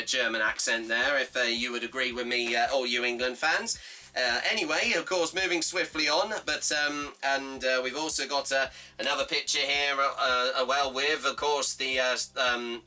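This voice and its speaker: A man presenting a casual review of football newspapers, halting with constant fillers and restarts. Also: medium pitch, sharp tone, far from the mic. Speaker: presenter of a fan football series.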